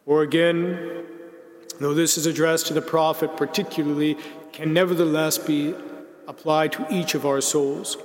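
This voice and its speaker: A male preacher delivering a sermon in a measured, reflective manner. He draws out important words and lets them settle. His voice sits fairly high for a man, and a long reverb fills the space around it, as in a large hall. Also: steady tone.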